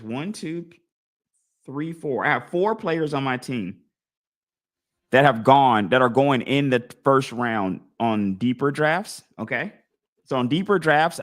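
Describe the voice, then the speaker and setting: Animated man thinking out loud. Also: medium pitch. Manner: animated, talks through his choices out loud, acts out imagined crowd voices. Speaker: fantasy football league podcast host. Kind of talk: casual live-stream chat.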